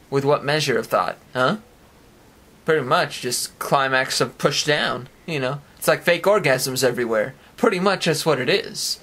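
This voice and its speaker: A man's voice: mid-range voice, moderate pace, a bit bright. A man giving a rambling solo monologue on his own podcast, now and then acting out imagined voices with sound effects. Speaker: podcast host.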